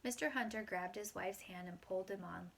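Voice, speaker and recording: A woman reading a first-person children's story aloud in a plain, unhurried way. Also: mid-range voice, creaky, fairly bright tone. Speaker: audiobook reader.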